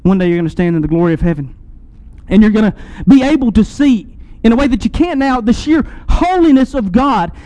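Earnest guy preaching a sermon, kinda high voice, mellow tone. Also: lively intonation, fairly quick, low-quality recording. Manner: earnest, rises and drops sharply for emphasis.

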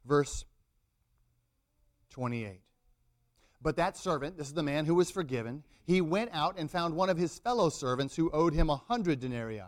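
Man, middle-aged preacher, slightly high voice, dramatic delivery, sermon. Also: lively intonation, normal speed, long pauses. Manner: dramatic, acts out quotes with rising intensity.

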